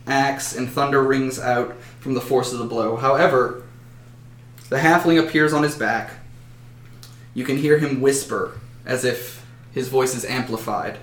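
A man narrating a fantasy battle story dramatically, with occasional slips. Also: medium pitch. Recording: roomy echo.

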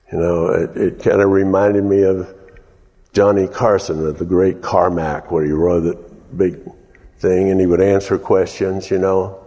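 A pastor preaching a sermon in a folksy, storytelling way, chuckling and breaking into loud exclamations. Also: male voice, low voice. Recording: long hall reverb.

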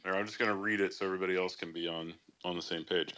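A man's voice: sits low, fairly even intonation, very fast, fairly bright tone, no room sound. A man co-hosting an online chat, talking casually with many fillers. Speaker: podcast co-host.

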